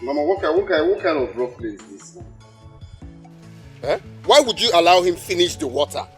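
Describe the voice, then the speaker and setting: A man's voice: big pitch swings, normal speed. A man playing a hungry, grumbling grown son. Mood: annoyed. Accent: Nigerian. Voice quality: loud and complaining, pitch jumping high when upset. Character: hungry irritable grown son back from travel. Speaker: actor. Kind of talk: film drama. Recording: film soundtrack with loud music.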